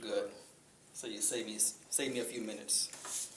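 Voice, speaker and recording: A man giving an informal talk to a group, conversational, pausing often with fillers. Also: on the low side, fairly even intonation, a bit bright. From Chicago. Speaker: speaker. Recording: echoey room with faint ambient noise.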